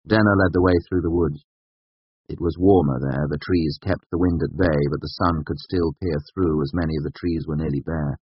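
Very deep, husky male audiobook narrator. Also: fairly even intonation, moderate pace, dry recording. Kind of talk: first-person scripted narration. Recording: slightly dull, dry recording.

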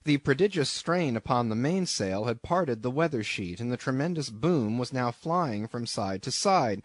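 A man narrates an audiobook in an expressive storytelling manner, his pitch moving freely up and down. His voice sits in the middle range for a man. The recording is close and dry, with no room echo. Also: moderate pace. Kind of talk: scripted narration.

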